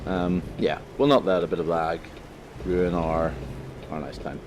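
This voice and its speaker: Northern Irish man narrating a driving game: lowish voice, loose and chatty, swears freely, faint hiss behind. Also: fairly even intonation, measured pace. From Northern Ireland. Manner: rambling, filler-heavy, cheerfully profane. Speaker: gaming commentator. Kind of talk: casual let's-play commentary.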